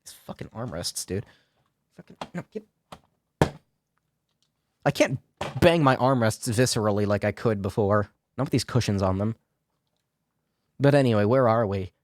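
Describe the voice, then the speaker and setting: A man's voice: lowish voice, moderate pace, pauses often, background noise. A man streaming a game, reading its dialogue aloud and chatting casually, swearing now and then. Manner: casual, swears, reads in lively voices. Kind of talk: let's play commentary with read-aloud dialogue.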